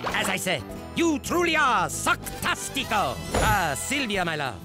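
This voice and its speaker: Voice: medium pitch, wildly swooping pitch, unhurried. A hammy old cartoon master. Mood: mocking. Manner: sprinkles in mock-Spanish words. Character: older male martial-arts master, dry and theatrical. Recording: cartoon music behind.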